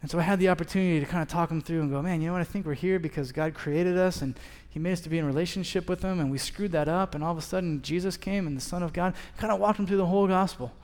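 With a voice that sits high and races along with barely a pause, a man in his thirties preaches as a pastor. He tells a story, taking on both voices in the exchange. The sound has a long hall reverb.

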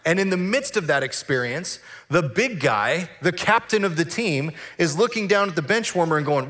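Man, pastor preaching a sermon, lively delivery with acted-out voices, slightly high pitch. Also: moderate pace, few pauses. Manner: animated, acts out voices of complainers.

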